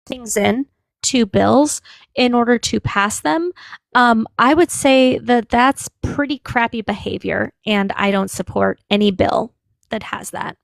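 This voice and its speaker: A woman's voice: fairly high pitch, measured pace, vocal fry, no room sound, studio quality. A woman hosting a political debate on a live stream, blunt and teasing as she scolds guests and thanks viewers. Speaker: livestream host.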